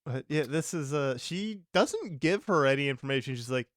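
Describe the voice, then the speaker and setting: A man's voice: medium pitch, fairly quick, few pauses, a bit bright, no echo, studio quality. A man co-hosting a podcast, chatting loosely about a movie and laughing often. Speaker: podcast co-host. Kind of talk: casual movie recap chat.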